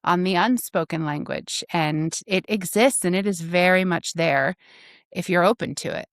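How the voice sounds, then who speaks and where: A woman's voice: on the low side, dry recording. A woman co-hosting a casual conversation, talking expressively and quoting herself. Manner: expressive, quick to quote herself. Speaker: podcast co-host.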